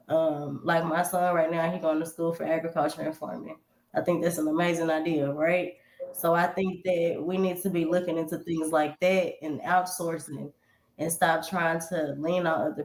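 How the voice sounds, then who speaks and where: A woman who is a panel guest, giving her views in a calm, measured way during a discussion. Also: low-pitched, roomy sound.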